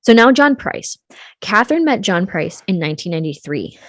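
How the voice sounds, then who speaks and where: A woman's voice: medium pitch, big pitch swings, brisk, dry recording, clean studio sound. A young woman hosting a podcast, telling a true crime story in casual chat. She swears freely and trails off into a mutter at the ends of her thoughts.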